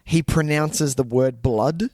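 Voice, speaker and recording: A man's voice: medium pitch, slow pace, a little mellow, no room sound. A man co-hosting a podcast, joking and bantering cheekily in casual movie chat. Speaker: podcast co-host.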